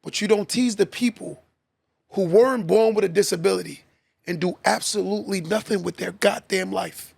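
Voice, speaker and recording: A man's voice: high-pitched, normal speed, gravelly, darkish tone, breathy edge, no room sound. A man, a father, giving a preachy motivational monologue as podcast host, repeating key lines for emphasis. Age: adult, father of a son.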